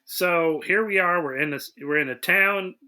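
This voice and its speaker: Bright-voiced man recapping a movie. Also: high-pitched, normal speed. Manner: rambling, recaps the plot with restarts. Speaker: podcast co-host. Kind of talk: casual movie review chat.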